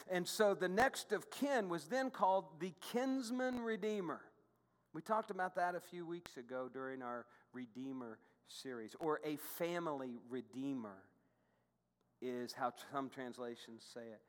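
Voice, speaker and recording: A male pastor preaching a sermon in a lively, conversational way, with frequent asides to the congregation. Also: medium pitch, big-room sound. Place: church sanctuary.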